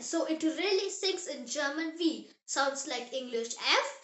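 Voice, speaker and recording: A child hosting a scripted language lesson, upbeat and encouraging, spelling out sounds slowly. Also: very high voice, sharp tone. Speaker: language teacher, channel host. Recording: roomy echo.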